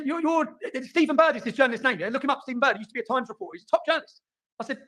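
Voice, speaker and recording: A man telling his own story, fast and emphatic, often repeating words and asking "yeah?". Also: extremely high pitch, lively intonation, pushed and bright. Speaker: interviewee in played clip. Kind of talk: animated personal storytelling.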